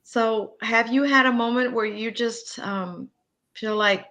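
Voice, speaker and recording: A woman's voice: fairly high pitch, steady tone, takes it slowly, pushed and bright. A woman hosting an interview, affirming her guest and asking long, searching questions. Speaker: interview host.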